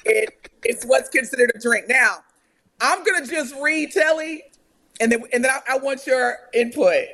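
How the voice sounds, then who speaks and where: Woman radio co-host from Indiana, animated and playful, casual chat. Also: high voice, normal speed. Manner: animated, laughing, reading a list aloud.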